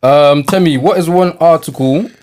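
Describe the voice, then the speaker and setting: A man hosting a casual podcast chat, quick and teasing as he runs the show. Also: a little high, a little mellow. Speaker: podcast host.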